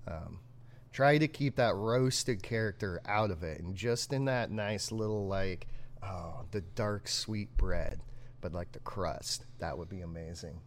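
Guy with a lowish voice chatting about beer on a live stream, animated and jokey. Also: measured pace. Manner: animated, laughs often, jokey. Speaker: co-host of a live homebrewing stream. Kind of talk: casual live-stream chat.

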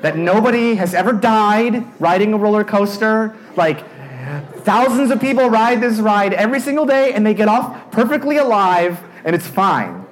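A young man preaching in a casual storytelling way. His voice rides up high and swoops back down as he acts out his own panic, and his pitch sits a bit above most men's. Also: lively intonation, normal speed. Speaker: youth pastor. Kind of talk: storytelling sermon.

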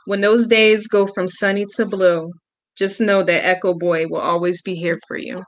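A woman author reading her children's picture book aloud in a gentle storybook manner. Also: lowish voice, fairly even intonation, normal speed, rough recording. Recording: loud background noise.

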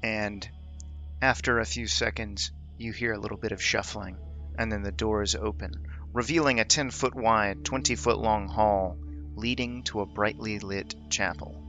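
A man narrating a tabletop role-playing game as game master, describing scenes vividly and pausing often with uh and um. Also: fairly low pitch, fairly even intonation, sharp tone, soft background music. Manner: descriptive, laughs easily, fills pauses with uh and um.

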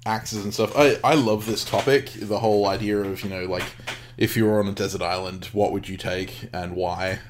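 A man's voice: fairly low pitch, fairly even intonation, normal speed. A man co-hosting a craft podcast in casual chat, rambling with many restarts and frequent laughter. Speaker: podcast co-host.

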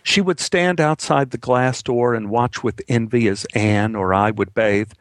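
A man telling a personal story as a monologue, with wry, dry humor and an unhurried manner. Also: mid-range voice, no room sound.

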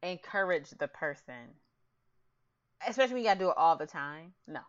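A woman's voice: low voice, a little fast. A woman co-hosting a casual chat, recapping a TV episode and acting out the characters' lines with slang. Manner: animated storyteller, acts out quotes with slang. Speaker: podcast co-host. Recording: slightly dull lo-fi audio.

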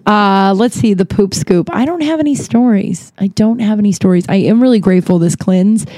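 A woman's voice: medium pitch, moderate pace, warm tone, no room sound, studio quality. A young woman hosting a casual solo podcast, talking candidly and rambling with lots of fillers and restarts. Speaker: podcast host.

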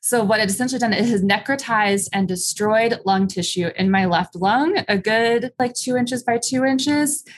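Young adult woman, interview guest, candid and halting personal storytelling. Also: on the high side. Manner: candid, halting, many fillers. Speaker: guest telling her story.

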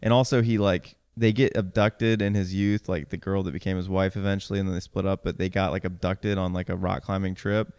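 A young man co-hosting a casual sports podcast, telling stories in a relaxed, rambling way with lots of fillers. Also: low voice, a little fast, hardly any pauses, smooth, no room sound. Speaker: podcast co-host.

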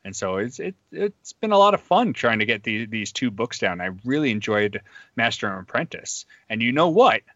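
A man hosting a podcast in casual chat, speaking hesitantly with many pauses and restarts. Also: on the low side, expressive, a bit bright, dry recording, muffled recording. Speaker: podcast host.

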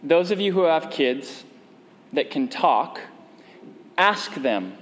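Male pastor, higher voice, relaxed unhurried sermon delivery, calls for congregation replies. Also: in a large hall. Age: adult parent. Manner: conversational, prompts congregation responses.

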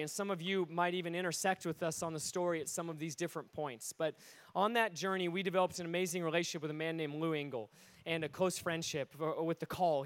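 A man preaching a sermon, telling stories in an animated way that rises to near-shouting at its peaks. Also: a little high, clear, resonant tone, no echo. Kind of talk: sermon storytelling.

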